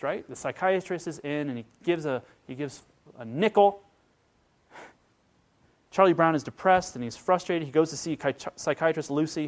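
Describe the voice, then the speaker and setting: A man preaching a sermon as pastor, telling a story with animated voices for its characters. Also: fairly high pitch.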